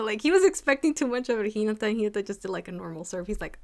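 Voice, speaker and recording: A young woman co-hosting an anime review, chatting casually and excitedly with many fillers. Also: mid-range voice, racing. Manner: excited, swearing, filler-heavy fan talk. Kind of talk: casual chat.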